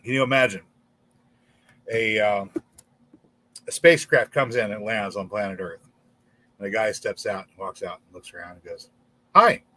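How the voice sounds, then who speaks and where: A man's voice: on the low side, steady tone, normal speed, long pauses, fairly bright tone. A man hosting a casual livestream in front of a green screen, rambling and stumbling over repeated words. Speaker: channel host.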